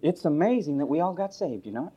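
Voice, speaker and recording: A man's voice: expressive, a little fast, lo-fi sound. Sarcastic male pastor preaching. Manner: sarcastic, mocking and storytelling; swings from loud outbursts to low asides. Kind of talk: sermon.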